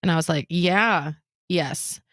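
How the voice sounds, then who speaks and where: On a casual talk show, a woman with a low-ish voice tells a personal story slowly, acting out what others said with animated delivery and nervous laughter. She is a podcast co-host, and the recording is dry and of studio quality.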